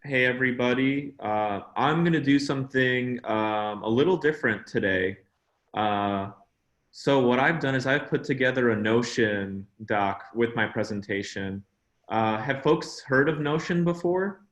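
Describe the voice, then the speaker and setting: A man gives a casual tech talk as a guest speaker at an online meetup over a video call, chatty and rambling with lots of "you know" and "uh." His medium-pitched voice is fairly bright and unhurried, in an echoey room on a rough recording.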